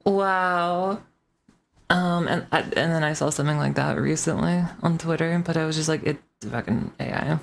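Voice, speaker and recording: A woman's voice: low voice, fairly even intonation, moderate pace, creaky, a little hiss or hum. A woman streamer ranting casually to her chat, rambling and swearing with many restarts.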